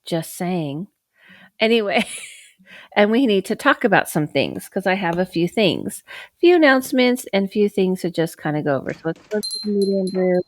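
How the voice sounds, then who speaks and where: A woman's voice: medium pitch, animated, normal speed, dry recording. A middle-aged woman hosting her own channel as a psychic medium, talking casually to camera in a rambling way with many fillers and asides.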